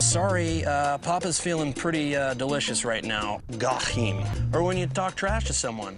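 A man's voice: medium pitch, very animated, normal speed, music in the background. A man on a radio show talking playfully and boastfully, shifting his tone as he goes.

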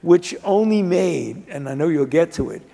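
An older man speaks with an earnest, measured manner and a gravelly edge, often circling back to restart a thought. He is a physician being interviewed on stage before an audience. His voice rings out with a long reverb in a large hall. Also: on the high side, lively intonation, dark tone. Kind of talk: reflective storytelling in an interview.

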